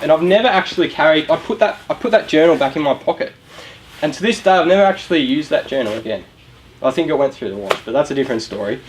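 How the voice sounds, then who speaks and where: The recording is low quality with slight background noise, and the speaker's voice is fairly high. He's a young Australian from a youth charity, giving a live room audience of young people a relaxed motivational talk and chatting with questions.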